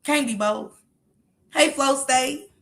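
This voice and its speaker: A woman's voice: high voice, slow, vocal fry, a bit bright. A woman doing sassy casual live commentary, talking back to clips. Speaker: commentary streamer.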